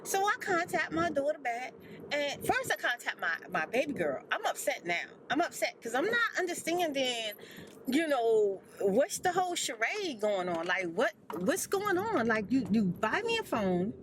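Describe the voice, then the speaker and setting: Animated older woman rambling high. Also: moderate pace, noisy background. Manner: animated, repetitive, complaining, acts out dialogue. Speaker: ASMR creator. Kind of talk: rambling storytelling chat.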